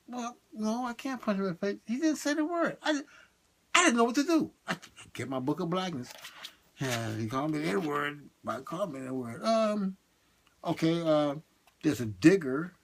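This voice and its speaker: Animated male comedian with a lively voice. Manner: animated, swings between high excited bursts and low muttered asides. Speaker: stand-up comedian. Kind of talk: comic monologue.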